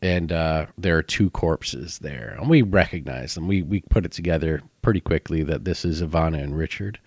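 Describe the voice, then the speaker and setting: A man with a notably deep voice talks through a tabletop adventure in a relaxed, chatty way. His recap is loose and full of fillers. The recording is close and dry. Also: moderate pace, no echo. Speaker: podcast co-host and player. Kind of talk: casual chat recapping a tabletop game.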